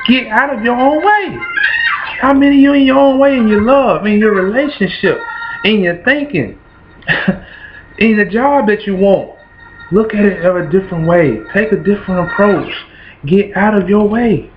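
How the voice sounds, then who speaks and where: A host from Kentucky preaches motivationally with a Kentucky accent, his high voice moving at normal speed in a rhythmic, repetitive cadence. Background music plays behind him on a dull, lo-fi recording with a noisy background.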